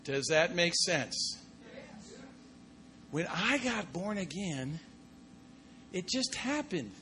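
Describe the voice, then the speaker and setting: A slight hiss or hum runs under this sermon by a man whose very high voice is bright and forceful, swinging widely in pitch as he speaks slowly. He moves from loud bursts to soft asides, constantly crying "come on" and "glory to God."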